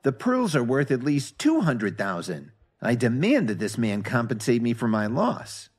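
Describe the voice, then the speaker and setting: A man voicing a blustering male swindler who protests loudly and demands proof. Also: medium pitch, wildly swooping pitch, normal speed, husky, pitched above the performer's own voice. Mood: indignant. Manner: indignant, loud.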